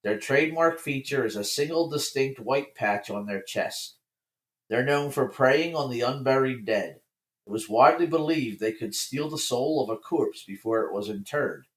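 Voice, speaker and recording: A man guesting on a chatty podcast, recounting folk legends with an even, storytelling delivery. His voice carries a noticeable echo from the room around him. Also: mid-range voice. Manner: reads folklore facts in an even storytelling way. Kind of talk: casual podcast chat.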